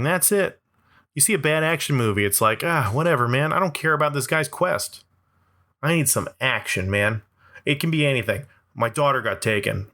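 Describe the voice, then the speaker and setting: Man ranting about movies. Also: medium pitch. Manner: animated, swearing, mocking quoted voices. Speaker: comedy podcast host. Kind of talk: casual comedic rant.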